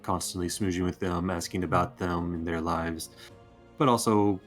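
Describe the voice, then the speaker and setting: A man describing his character in a tabletop game, in a slow, halting way with many fillers. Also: low-pitched, fairly even intonation, soft background music. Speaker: player.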